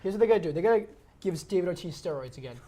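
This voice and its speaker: A man's voice: high voice, animated, racing, over a noisy crowd. A young man co-hosting a casual sports debate, sarcastic and full of jabs. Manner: sarcastic, keeps tagging lines with "all right?". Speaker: co-host.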